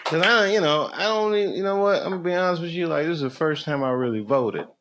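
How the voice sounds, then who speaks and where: A middle-aged man doing stand-up comedy, telling a story with animated swings between low muttering and loud punchlines, at a live venue with an audience. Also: fast. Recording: live show with crowd noise. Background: audience laughter.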